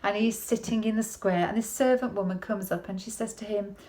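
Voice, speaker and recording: A woman's voice: medium pitch, a little fast, darkish tone. A woman giving a conversational sermon in a chatty, folksy way, often turning to the listener with tag questions. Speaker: preacher.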